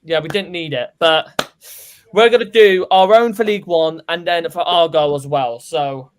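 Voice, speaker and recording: A man's voice: a little high, slight background noise. A man from England co-hosting a casual football fan stream, joking and chatting with fillers. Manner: jokey, quick banter with fillers. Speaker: co-host. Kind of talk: casual fan podcast chat.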